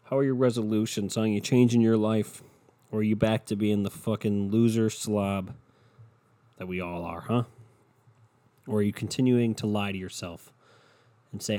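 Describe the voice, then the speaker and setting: Brief: young male podcast host, profane rambler, lowish pitch, soft dark tone. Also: steady tone, normal speed. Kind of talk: casual solo monologue. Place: at home in bed with his dog. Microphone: home podcast mic.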